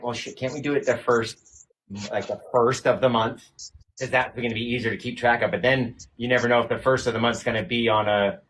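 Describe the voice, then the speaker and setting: A man's voice: medium pitch, poor audio. A man hosts a live painting stream, talking loosely and joking with guests as he works. His voice sits in a middle register, and he often drops to a mumble. Faint noise hums behind him. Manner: loose, joking, talks while painting, trails off quietly. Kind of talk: casual live-stream chat.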